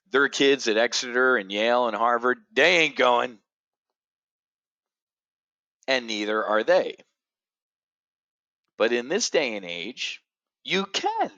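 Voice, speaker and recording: A middle-aged man hosting an options trading show, ranting in a blunt, profane, sarcastic way that swings from low muttering to loud outbursts. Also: no echo, highs cut off. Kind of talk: ranting monologue.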